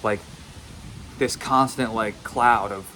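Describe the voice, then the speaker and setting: Low-voiced man coaching bluntly. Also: steady tone, slow, noisy background. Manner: blunt, repetitive, swears casually. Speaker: manifestation coach. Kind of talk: casual motivational monologue.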